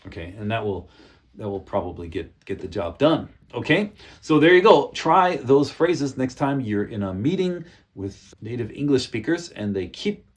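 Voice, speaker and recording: A man teaching business English in a casual talk to camera. He checks in often with "okay?" and "you know", and calmly demonstrates useful phrases. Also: on the low side. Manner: demonstrates phrases in a calm, friendly voice. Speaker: English coach.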